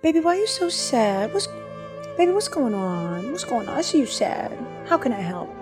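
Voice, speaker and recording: A woman voicing a scheming queen who soothes her husband in a soft, hushing voice. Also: fairly high pitch, big pitch swings, moderate pace, music in the background. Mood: coaxing.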